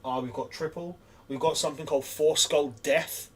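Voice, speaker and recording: A man's voice: on the high side, steady tone, normal speed, a bit bright. A man voicing a tired, blunt barista from a fire plane with an offhand, casual way of talking. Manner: offhand, casual, says mate.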